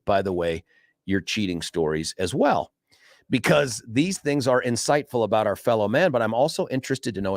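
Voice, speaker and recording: A man's voice: lowish voice, no room sound, clean studio sound. A man hosting a talk radio show, telling a story in a monologue and acting out the voices of the people he quotes.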